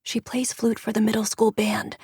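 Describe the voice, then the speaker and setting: A woman reading an anxious, hushed mother. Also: on the high side, takes it slowly, vocal fry, slightly rough, no room sound, clean studio sound, voice pushed up, heavily acted. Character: frightened mother praying for her daughter. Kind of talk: audiobook character reading.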